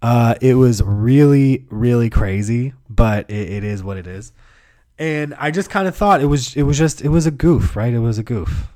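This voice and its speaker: A man's voice: mid-range voice, normal speed, mellow, dry recording, clean studio sound. A man hosting his own podcast, telling rambling, profane stories in a laid-back way. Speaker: podcast host. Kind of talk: casual comedic storytelling.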